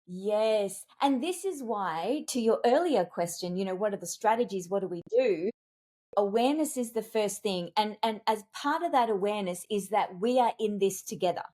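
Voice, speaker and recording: A woman speaking as a communications expert and executive coach in a podcast interview, telling stories in an animated, emphatic way with big leaps in pitch. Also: moderate pace. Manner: animated, emphatic storytelling with wide pitch jumps.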